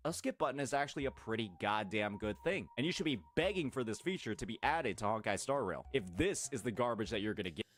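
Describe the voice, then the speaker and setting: A man's voice: lowish voice, animated, quick pace, few pauses. A man ranting angrily in a commentary clip, sarcastic and full of profanity. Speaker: content creator in a reacted clip.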